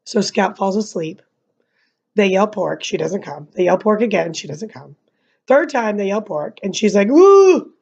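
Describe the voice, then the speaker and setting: A woman's voice: mid-range voice, moderate pace, vocal fry, husky, muffled recording. A young woman reading a novel aloud like a teacher, adding casual asides. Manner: casual asides between reading, slightly monotone narration. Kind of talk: read-aloud with commentary.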